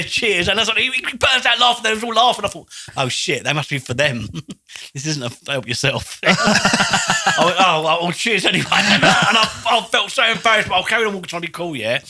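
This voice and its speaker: A man telling a story on a podcast, animated and swearing freely, laughing as he goes. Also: sits high. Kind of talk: casual storytelling chat.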